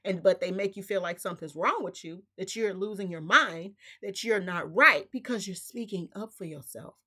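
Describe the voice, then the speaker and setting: A woman's voice: medium pitch, normal speed, bright, forceful tone, breathy edge. A woman hosting her own spiritual vlog, talking in a fiery, emphatic way and firing off rhetorical questions in casual slang. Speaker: vlog host. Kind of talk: impassioned spiritual vlog monologue.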